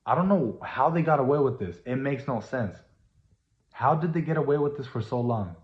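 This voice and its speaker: A man's voice: medium pitch, animated, normal speed. A man giving a casual, earnest, preachy monologue that repeats itself and grows emphatic. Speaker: vlogger. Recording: roomy, dull lo-fi sound.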